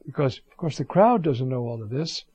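A man's voice: mid-range voice, brisk, breathy edge, no room sound. A man giving a Bible lecture, reading passages and explaining them with frequent asides and restarts. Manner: animated, many "you see" asides and restarts. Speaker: Bible teacher. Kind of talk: scripture lecture. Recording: dull lo-fi dry recording.

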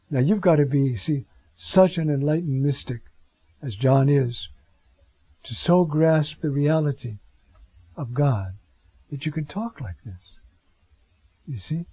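Slow, husky male Bible teacher. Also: on the high side, animated, dark tone, no echo. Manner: reflective, rhetorical asides, drawn-out Greek phrases. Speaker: preacher teaching scripture. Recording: dull lo-fi sound.

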